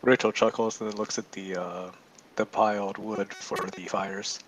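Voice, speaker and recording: A man's voice: on the low side, level tone, moderate pace, rough recording. A man playing a tabletop role-playing game, narrating his character's actions casually with many fillers. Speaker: tabletop player.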